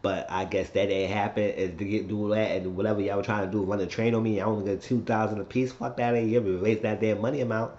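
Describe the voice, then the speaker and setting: A man's voice: lowish voice, steady tone, fast, hardly any pauses, darkish tone. A man casually recapping a TV episode, telling it as a rambling story with asides and cursing. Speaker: TV show recap host. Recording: roomy, dull lo-fi sound.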